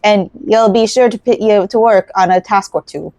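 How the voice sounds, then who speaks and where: A hearty, friendly tavern keeper, a middle-aged man read aloud by a woman. He speaks his game lines in a put-on accent that drifts as it goes. His voice sits at a middle pitch, with faint game music underneath. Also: moderate pace, darkish tone, natural voice, poor audio. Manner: tries an uncertain put-on accent. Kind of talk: reading game dialogue aloud.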